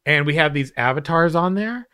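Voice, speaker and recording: A man hosting a loose chat, rambling and profane, his speech strung together with "like". His voice is smooth and resonant. It sounds dry and close to the mic. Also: on the high side, expressive, brisk, bright, forceful tone, no room sound. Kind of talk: casual chat.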